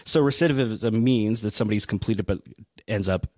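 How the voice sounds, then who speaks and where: Casting note: relaxed male counselor, very low voice, dry close recording. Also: a little fast, no room sound. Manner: relaxed, many fillers, storytelling. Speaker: guest, addiction counselor. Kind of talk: casual interview.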